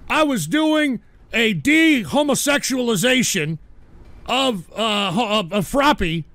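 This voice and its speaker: A man hosting a livestream radio show, ranting profanely about his chat and breaking into abrasive shouting bursts. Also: very high voice, lively intonation, slow pace, dry recording. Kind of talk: profane on-air rant reading chat.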